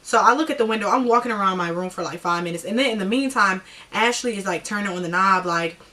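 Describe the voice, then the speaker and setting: A woman in her twenties telling a casual story, slangy and animated, acting out what her friends said. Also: medium pitch, fast talker, far from the mic. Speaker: vlogger.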